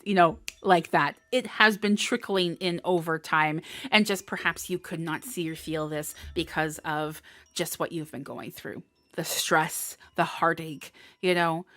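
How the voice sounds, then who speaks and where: A woman's voice: lowish voice, a bit bright, no room sound, clean studio sound. A woman giving a live tarot horoscope reading, gushing and emotional, laughing often as she channels. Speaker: tarot reader.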